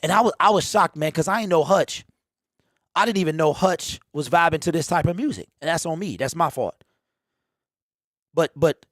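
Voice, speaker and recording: A man's voice: fairly high pitch, lively intonation, brisk, no echo, clean studio sound. A man in his forties hosting a fan livestream, rambling and teasing his chat in a casual rant. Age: 40s.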